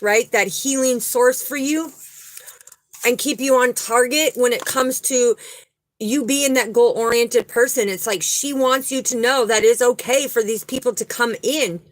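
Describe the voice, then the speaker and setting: A woman's voice: a little high, measured pace, dry recording, rough recording. A woman giving a spiritual reading straight to the viewer, earnest and soothing, repeating key words for emphasis. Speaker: spiritual card reader. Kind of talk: psychic reading, spoken to the viewer.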